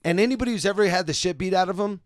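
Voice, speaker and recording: A man's voice: sits high, racing, dry recording, studio quality. A man, a comedian guest on a podcast, telling a profane story in casual chat. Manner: animated, profane storytelling, acts out quotes loudly.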